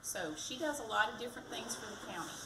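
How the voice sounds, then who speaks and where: A woman's voice: a little high, animated, quick pace. Chatty Texan woman on a distant mic. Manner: chatty, self-deprecating, joking with the crowd. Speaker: candidate for county treasurer. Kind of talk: campaign stump speech. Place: fire department community event. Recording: echoey, distant mic, background noise.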